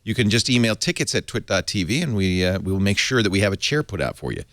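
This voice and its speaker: A man hosting a tech talk show in a studio, his pitch swinging up and down as he jokes and reads the show plugs. The sound is close and dry, with no room echo. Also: big pitch swings, a bit bright. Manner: jokey, quick asides and show plugs. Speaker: podcast host. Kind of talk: casual tech panel chat. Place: studio with audience.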